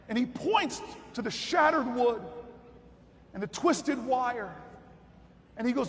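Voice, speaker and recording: A man's voice: very high voice, expressive, slow, long pauses, slight background noise. Male politician at the podium, spinning a vivid story, faint crowd murmur behind him. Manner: vivid storytelling that builds to shouted rallying cries. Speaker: politician giving a convention speech. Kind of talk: rally speech with dramatic storytelling. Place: large convention hall. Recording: long hall reverb, faint crowd ambience.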